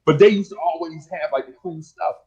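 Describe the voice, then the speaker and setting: A man's voice: fairly high pitch, fairly quick, breathy edge, muffled recording. A middle-aged man telling street stories in casual chat, full of slang and acting out the voices of old friends. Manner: streetwise slang, animated storytelling, acts out dialogue. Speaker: podcast host.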